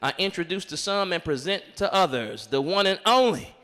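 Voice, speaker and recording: Male event emcee, high and bright voice, smooth and crisp, hall reverb. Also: expressive, moderate pace. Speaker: event emcee introducing the speaker.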